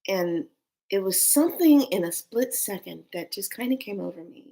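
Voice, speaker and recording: A woman telling an emotional personal story, earnest and intense, sometimes dropping to a hushed whisper and sometimes rising in anger. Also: mid-range voice, animated, normal speed, gravelly. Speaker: storyteller recounting a loss.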